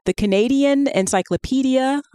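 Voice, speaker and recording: A woman co-hosting a podcast, telling a story in a casual, animated way with laughter and many fillers. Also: high voice, moderate pace, clear, resonant tone, no echo, clean studio sound. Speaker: podcast co-host.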